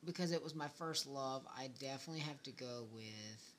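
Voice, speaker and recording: A man hosting a podcast in casual chat, talking in a relaxed, rambling way with many restarts. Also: mid-range voice, a little fast, slight background noise. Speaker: podcast host.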